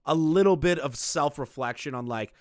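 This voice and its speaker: A man giving casual, profane commentary on clips, blunt and quick to laugh. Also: fairly high pitch, no room sound, studio quality. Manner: blunt, swearing, laughs often. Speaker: commentary streamer reacting to clips.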